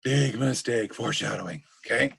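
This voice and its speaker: A man's voice: medium pitch, normal speed, creaky, a bit bright, husky, dry recording. Casual male literature teacher. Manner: casual, thinking aloud with fillers and restarts. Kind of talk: recorded online literature lesson.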